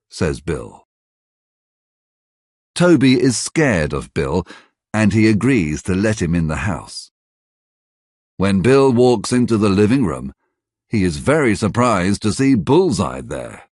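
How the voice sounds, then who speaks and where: Slow, husky-voiced male storyteller. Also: low voice, big pitch swings, no echo, studio quality. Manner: slow and clear, for language learners. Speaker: narrator. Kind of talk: scripted narration of a graded reader.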